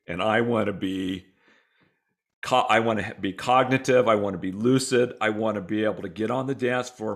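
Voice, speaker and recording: Earnest lower-voiced middle-aged man. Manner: earnest, heartfelt storytelling. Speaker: guest author. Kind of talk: interview conversation.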